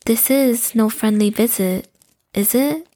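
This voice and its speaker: A woman voicing a young female shapeshifter in an audio drama, speaking in a calm, courteous and measured way. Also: on the high side. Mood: wary.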